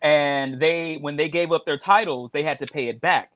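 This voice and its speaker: A man's voice: a little high, moderate pace, dry recording. A man co-hosting a casual chat show over a video call, sassy and playful. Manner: sassy, playful, animated storyteller. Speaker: co-host.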